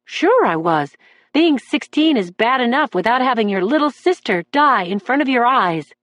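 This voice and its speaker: A man's voice: very high-pitched, very animated, normal speed, no echo, muffled recording, pitched above the performer's own voice, exaggerated voice. A woman reading an audiobook voices a troubled young man on trial, testifying in a raw, pleading way about the voices that haunt him. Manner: anguished, raw and pleading, breaking into shouts. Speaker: defendant testifying in court.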